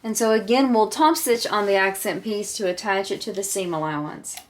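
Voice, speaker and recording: A woman teaching a step-by-step sewing tutorial, explaining each step calmly and patiently as she works. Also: medium pitch, brisk. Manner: calm, patient, walks through each step. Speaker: sewing instructor.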